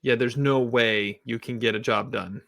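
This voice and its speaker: Man, podcast co-host, casual tv review, rambling, gravelly, bright. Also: medium pitch, fairly even intonation, moderate pace. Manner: rambling, chatty, laughs often.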